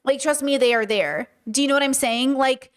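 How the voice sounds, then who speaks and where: A woman's voice: high voice, moderate pace. A young adult woman streamer giving casual, emphatic commentary, repeating her points and swearing freely. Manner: emphatic and repetitive, frequent "like" and swearing. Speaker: streamer and podcast host.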